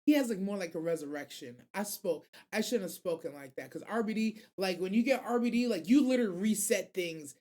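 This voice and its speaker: A woman hosting a casual anime radio show, animated and slangy, rambling and swearing freely. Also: medium pitch, a little fast, hardly any pauses. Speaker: host.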